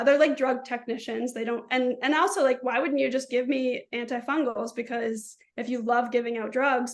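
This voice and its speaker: A young woman, an interview guest, telling her story earnestly and peppering her speech with "like". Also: high-pitched. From Southern Ontario, Canada. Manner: earnest, heavy use of "like".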